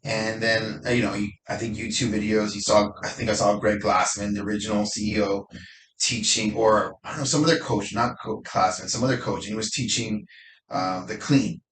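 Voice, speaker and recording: Low-voiced man telling stories, echoey room. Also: steady tone, a little fast, fairly bright tone. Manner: storytelling, loose and profane. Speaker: fitness coach guest. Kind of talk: casual conversation. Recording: echoey room, faint noise.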